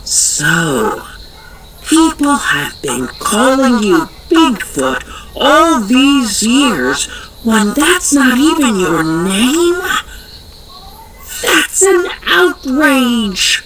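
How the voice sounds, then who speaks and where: A man voicing an eager young woman newspaper reporter who talks in an earnest, excitable and easily outraged way. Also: high-pitched, very slow, noisy background, pitched above the performer's own voice, heavily acted.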